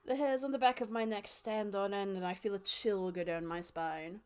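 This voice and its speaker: A woman's voice: mid-range voice, moderate pace, clean tone. A young woman streaming a game, reading its narration dramatically and chatting with her cat and viewers. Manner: chatty and animated, reads narration with dramatic flair, talks to her cat and chat. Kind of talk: live let's-play with dramatic reading of game text.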